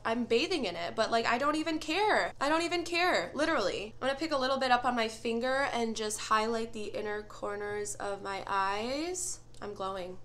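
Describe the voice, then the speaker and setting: Young woman, beauty vlogger, bright voice, gushing and excitable, casual makeup review, indoors. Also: on the high side.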